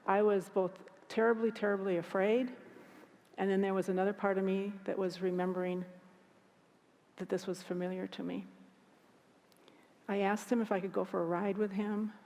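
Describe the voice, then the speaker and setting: A woman speaking at a conference. She tells a personal story in an earnest, halting way with frequent restarts. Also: mid-range voice, level tone, a little mellow. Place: conference hall. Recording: long hall reverb.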